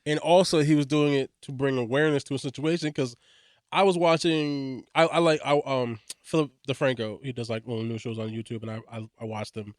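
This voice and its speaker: A man's voice: mid-range voice, fairly even intonation, a little fast, darkish tone, no room sound, studio quality. A man co-hosting a casual podcast chat, rambling through restarts and swearing freely. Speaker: podcast co-host.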